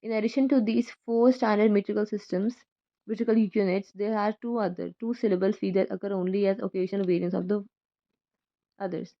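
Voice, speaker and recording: A woman's voice: medium pitch, fairly even intonation, fairly quick. A woman reading a poetry textbook aloud with care, correcting herself now and then. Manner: careful reading with self-corrections. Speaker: student reader. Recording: dull lo-fi recording.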